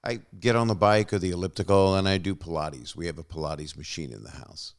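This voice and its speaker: A man with a deep, smooth, resonant voice hosts a loose podcast chat. He jokes wryly and lets sentences trail off. The sound is close and dry, with no room around it. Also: brisk, dry recording. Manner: joking, wry, trails off often. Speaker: podcast host. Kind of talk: casual chat.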